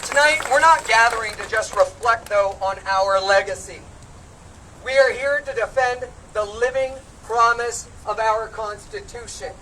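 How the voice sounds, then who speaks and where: Picked up from afar amid crowd noise, a woman running for Congress speaks from the steps at a street protest. Her high voice keeps a measured pace as her impassioned speech climbs toward shouted call-and-response.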